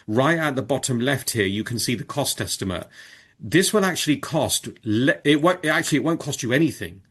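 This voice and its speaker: A man casually presenting on a video call, demonstrating software and thinking aloud, with frequent fillers and restarts. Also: mid-range voice, husky. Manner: informal, with many fillers and restarts. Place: home or office on a video call. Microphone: video call microphone.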